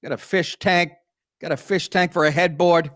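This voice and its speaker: A man's voice: on the high side, fairly even intonation, normal speed, fairly bright tone, no room sound, studio quality. A middle-aged man hosting a comedy talk show, reading news stories aloud and riffing on them in a crude, sardonic way.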